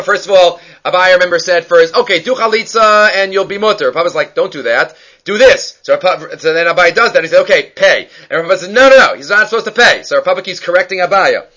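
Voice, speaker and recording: A man's voice: sits high, fairly bright tone. A man teaching a Talmud class, reading the texts aloud in a chanting lilt and then explaining them in loose, casual asides. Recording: dull lo-fi recording.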